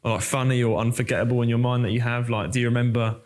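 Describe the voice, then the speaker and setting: A young man, an actor hosting a chat and telling lively set stories. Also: mid-range voice, racing. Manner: animated storyteller, many fillers. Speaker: actor and host. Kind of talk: casual interview chat.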